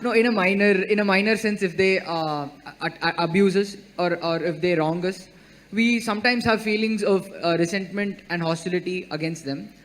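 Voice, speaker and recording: A man with a fairly high voice asks a question at a public talk. He speaks haltingly, stumbling over words and filling pauses. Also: fairly bright tone, slight background noise. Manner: hesitant, halting, with filler sounds. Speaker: audience questioner.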